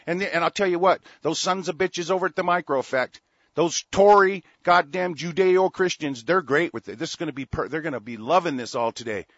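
A man rages through a profane solo monologue, his slightly raised voice breaking into shouts between halting restarts. The sound is close and dry with no room around it. It is muffled and lo-fi, like a cheap home setup. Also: fairly high pitch, slightly rough, dry recording. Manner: furious, profane, shouting bursts, stumbling restarts. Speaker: solo commentator. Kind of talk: angry ranting monologue. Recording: dull lo-fi dry recording.

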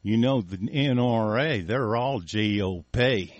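A man hosting a small talk radio show, ranting with constant swearing, swinging between low muttering and angry bursts. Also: takes it slowly, few pauses, dry recording. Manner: profane, shouting in bursts, mumbling asides. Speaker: radio host.

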